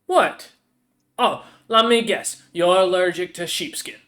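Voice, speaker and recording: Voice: medium pitch, a little slow, fairly bright tone, close to an everyday voice. A game master voicing a female troll shopkeeper who haggles with a wry, businesslike patter. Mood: sardonic. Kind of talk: voicing a character in a tabletop game.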